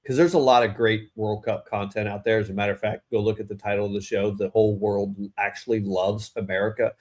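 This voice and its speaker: On a casual political podcast he co-hosts, this man rambles and opines, often restarting sentences mid-thought. His voice sits on the low side, a little mellow, with a flat delivery at a brisk pace.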